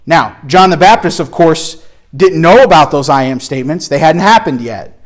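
Man teaching a Bible lesson, slightly high voice. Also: expressive, moderate pace. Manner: conversational, emphatic, often restarts phrases.

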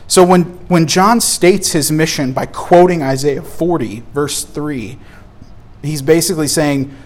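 A man's voice: fairly high pitch, unhurried, darkish tone. A man teaching a Bible study lesson from slides, talking in a conversational, emphatic way and often restarting his phrases.

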